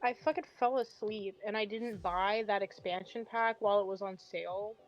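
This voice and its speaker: A woman chatting on a stream as a guest, heated and animated, swearing when annoyed. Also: medium pitch, normal speed, dull audio. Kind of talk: casual chat.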